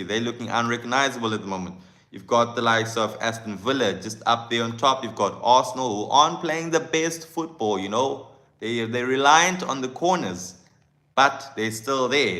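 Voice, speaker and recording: Guy doing a live football fan stream, bright punchy voice, chatty and fired up. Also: fairly low pitch. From South Africa. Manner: passionate, chatty, greets viewers by name. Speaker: football channel host.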